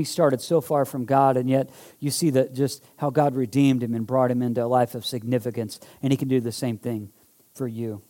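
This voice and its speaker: Fervent male preacher, slightly high voice. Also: a little mellow. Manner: emphatic, building to fervent repetition; leads call-and-response. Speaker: pastor. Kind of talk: sermon.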